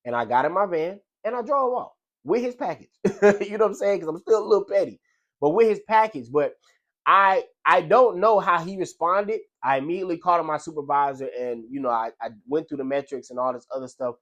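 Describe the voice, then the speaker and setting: A delivery driver whose voice is a little high and a bit bright talks fairly quickly, offering casual motivation drawn from his life. His delivery is loose, slangy storytelling, punctuated by frequent "you know what I'm saying".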